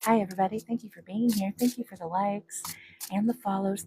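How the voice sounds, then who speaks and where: Against a noisy background, a woman with a steady, mid-range voice talks fairly quickly through a casual tarot reading. Chatty, she speaks to her viewers and to spirit and hums as she shuffles.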